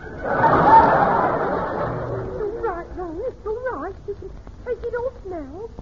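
A woman's voice: very high voice, expressive, takes it slowly, noisy background, exaggerated voice. An actress playing a timid, devoted young woman in a radio sitcom, plaintive and earnest. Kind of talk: vintage radio sitcom acting. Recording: dull lo-fi vintage radio recording.

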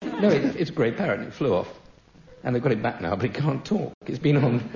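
A man's voice: medium pitch, very animated, brisk, gravelly, dull audio, noisy background. A man on a comedy panel telling a rambling anecdote, chuckling as he goes. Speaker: quiz panelist. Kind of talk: comic panel banter. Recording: roomy broadcast with loud audience.

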